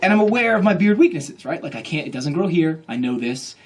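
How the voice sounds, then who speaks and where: Animated self-mocking man telling a story. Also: a little high, brisk. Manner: animated, self-deprecating, acts out his own inner voice. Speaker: author at a book event. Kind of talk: comic storytelling talk to an audience.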